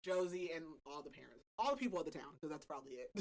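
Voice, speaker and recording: A woman's voice: sits low, big pitch swings, quick pace, rough recording. A young adult woman hosting a podcast, recapping a novel in casual chat, laughing often and leaning on "like" as filler. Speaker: podcast host.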